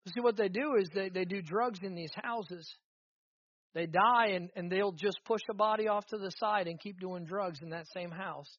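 A man preaches to his church in a high voice that climbs as he presses each point, repeating lines for emphasis. The sound is dull and muffled, with a dry, close feel. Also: moderate pace, a bit bright, no echo. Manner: preaching with rising fervor, repetitive emphatic phrases. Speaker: pastor. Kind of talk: sermon.

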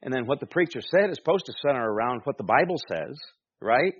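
A man's voice: medium pitch, animated, fast talker, husky, no room sound, highs cut off. A man preaching a sermon as pastor, emphatic, with rhetorical questions and calls for amen.

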